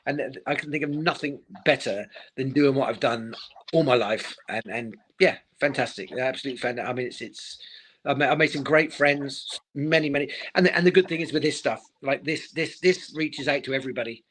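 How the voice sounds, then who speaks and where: Man, middle-aged, quick repetitive talk, emotional, mid pitch. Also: a bit bright, a little hiss or hum. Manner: rapid, repeats words, emotional. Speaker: speedway team manager, former rider. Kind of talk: casual live-stream interview.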